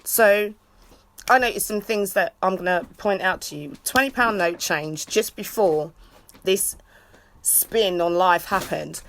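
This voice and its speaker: Bright-voiced woman ranting on a livestream. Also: medium pitch, unhurried. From England. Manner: loud shout-outs to viewers, swearing freely. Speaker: livestreaming vlogger. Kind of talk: casual livestream rant. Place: outdoors in a city.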